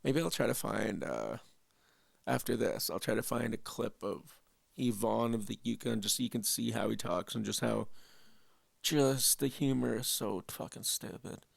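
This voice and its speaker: A young man from Canada rambles through casual commentary, swearing and restarting his sentences. His voice is heavily gravelly. The sound is dry and close, with no room echo. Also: medium pitch, normal speed. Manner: rambling, profane, self-interrupting. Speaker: host.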